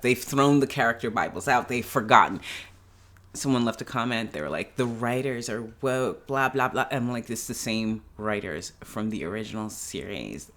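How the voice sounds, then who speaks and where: A woman giving a casual, animated reaction review of a TV episode, ranting in exasperation and laughing as she talks. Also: very deep voice. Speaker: show reviewer. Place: at home in pajamas.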